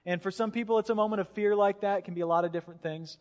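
A man, a pastor, preaching a sermon in a casual, animated storytelling way, acting out voices as he goes. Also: high voice, racing. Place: church sanctuary. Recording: long hall reverb.

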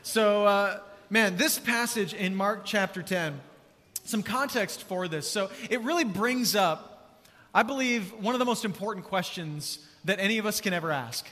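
High, bright-voiced pastor in a hall. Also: male voice, moderate pace. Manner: energetic, conversational, calls for crowd response. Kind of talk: sermon. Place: large church auditorium. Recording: long church hall reverb.

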